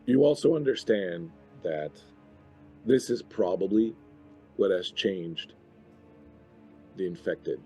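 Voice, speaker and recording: A hoarse man who is losing his voice, narrating a tabletop game as dungeon master in slow, measured phrases. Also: low-pitched, expressive, mellow, soft background music.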